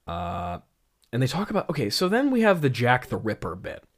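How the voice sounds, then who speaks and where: A man giving comedic commentary on an old script, full of incredulous asides, restarts and laughter. His pitch swings widely as he talks, sitting in the middle of his register overall. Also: huge pitch swings, brisk. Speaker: host.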